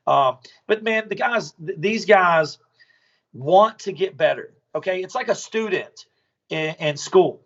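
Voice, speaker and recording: A man's voice: sits high, expressive, unhurried, fairly bright tone, dull audio. A man, a business owner, talking bluntly and profanely as a podcast guest, telling stories casually.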